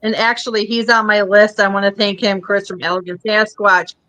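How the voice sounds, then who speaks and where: A woman's voice: medium pitch, little pitch movement, a little fast, bright, forceful tone. A Midwestern woman with a Minnesota accent, hosting a casual chat show and rambling along with lots of fillers. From American Midwest. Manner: chatty, rambling, frequent fillers. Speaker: podcast host.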